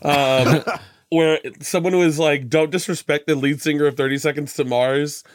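A podcast co-host with a higher-pitched voice and a wry manner chats casually and comedically. His intonation is fairly even and his pace moderate, and the recording is clean studio sound with no room echo.

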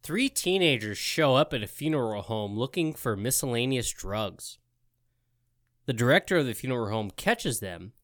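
A man's voice: mid-range voice, very animated, normal speed, fairly bright tone, no echo. Teasing man reading quiz clues, dry sound. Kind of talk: casual chat and reading a plot summary.

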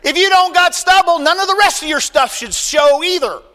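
A man preaching a sermon as pastor, folksy and emphatic, swinging between loud bursts and quiet asides. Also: very high-pitched, expressive, normal speed, long reverb tail.

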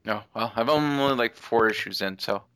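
A man's voice: medium pitch, normal speed, fairly bright tone, clear, resonant tone, dry recording. A man co-hosting a casual podcast chat about comics, joking and laughing often. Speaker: podcast co-host.

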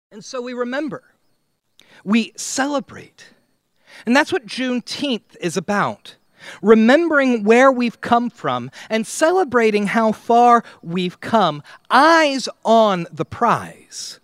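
Slow, lively-pitched man preaching. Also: no echo, studio quality. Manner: slow, dramatic preaching with long pauses and sweeping pitch. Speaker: pastor. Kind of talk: sermon. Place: church.

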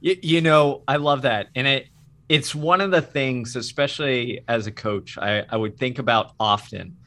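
A man's voice: medium pitch, normal speed, bright, forceful tone. A middle-aged man who has coached, talking earnestly and emphatically in a casual podcast chat. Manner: earnest, emphatic, mixes in acted quotes.

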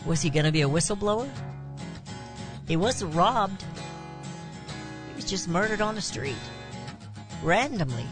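A woman's voice: on the low side, expressive, measured pace, pauses often, over music. A woman hosting a talk radio show, delivering an impassioned opinion monologue full of rhetorical questions.

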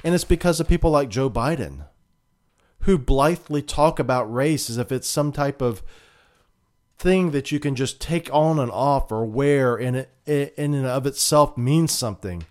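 A man's voice: medium pitch, normal speed. A man hosting a political talk show, delivering emphatic, indignant commentary and often repeating himself.

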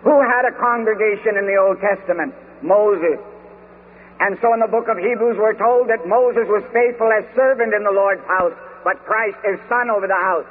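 A man preaching in a deliberate, emphatic way, leaning hard on key words. His voice sits high, and it comes through a tinny, phone-like old recording with a long echo from a large hall and faint hiss. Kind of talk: sermon.

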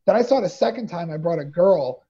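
Casting: high-pitched man, lively storyteller, casual podcast chat, slightly muffled lo-fi sound. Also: fast talker. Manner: animated storyteller, acts out quotes. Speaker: podcast co-host. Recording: dull lo-fi sound.

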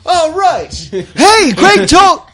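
A man voicing a panicky young man fleeing a killer in a tabletop horror game, frantic and swinging up high. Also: a little fast, a crowd in the background, natural voice. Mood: panicked.

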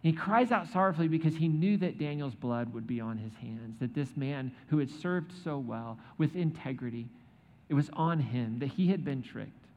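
This pastor's voice is on the high side and moves at a moderate pace as he retells a scripture story, with jokes on the side and quotes acted out. The sermon is recorded in an echoey hall with dull sound.

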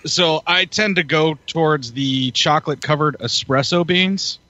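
A podcast co-host chats casually, hyped up and laughing often. His voice is fairly high, bright and forceful at a normal pace, and the audio is muffled and lo-fi.

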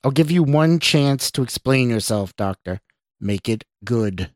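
A man's voice: mid-range voice, expressive, unhurried, no room sound, close to an everyday voice. A man doing a callous, growling older official. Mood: stern. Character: stern older male government official, harsh. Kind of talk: audio drama reading.

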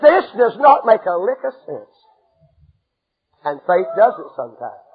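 Fervent husky-voiced man preaching. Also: high voice, very animated, a little slow, lo-fi sound. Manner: fervent storytelling, acts out scenes, bursts into shouts. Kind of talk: sermon.

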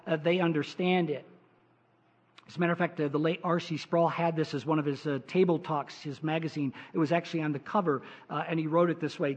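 Male pastor, high voice, emphatic sermon delivery, dull lo-fi recording. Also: husky. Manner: emphatic preaching with frequent "uh" fillers, rising pitch for stress.

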